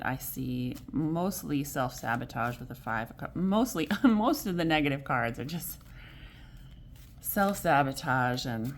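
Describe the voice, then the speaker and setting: Low-voiced woman giving a rambling tarot reading. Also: slight background noise. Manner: rambling, self-correcting, often laughs; gentle and encouraging. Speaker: tarot reader. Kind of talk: casual weekly tarot reading.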